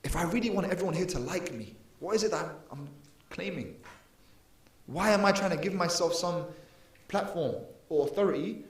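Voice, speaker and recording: In an echoey mosque hall, a male preacher gives an earnest, emphatic lecture, his volume suddenly rising and dropping. His high voice sounds animated, at a moderate pace.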